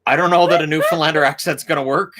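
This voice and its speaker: Canadian man hosting a livestream, forceful bright tone, jokey and quick with silly voices. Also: on the high side, steady tone. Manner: joking, playful, quick to slip into silly voices. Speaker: livestream host. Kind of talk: casual livestream chat.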